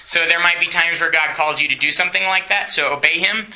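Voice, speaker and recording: A man's voice: fairly high pitch, fast, sharp tone, poor audio. A man teaching a church class in a chatty way, often asking the room questions and laughing.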